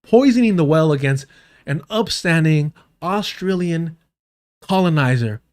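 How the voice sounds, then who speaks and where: A man's voice: a little high, expressive, a little slow, a little mellow. A young man hosting a live stream, ranting with heavy profanity and scorn. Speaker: livestream host.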